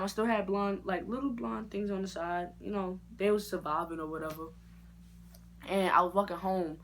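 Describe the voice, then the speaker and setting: A young adult woman vlogger telling a story in a casual, slangy way and jumping into high-pitched reactions. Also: a bit bright, a little hiss or hum.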